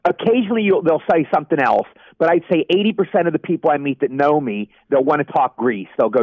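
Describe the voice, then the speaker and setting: A man in his sixties telling animated anecdotes as an actor in a casual interview, acting out the people he quotes. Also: on the high side, quick pace, few pauses, dry recording. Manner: animated anecdote teller, acts out quoted voices. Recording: dry, dull lo-fi audio.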